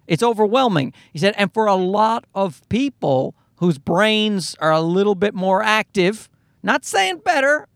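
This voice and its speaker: A man talks into a close podcast mic in a loose, rambling monologue, swearing freely and joking sarcastically. His voice sits high for a man and swings widely in pitch, dry with no room sound at all. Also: gravelly, a bit bright, no echo. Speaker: podcast host.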